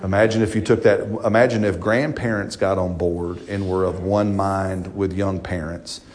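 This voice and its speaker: A man, a pastor preaching a sermon in church in a folksy, animated way full of rhetorical questions. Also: sits low, moderate pace.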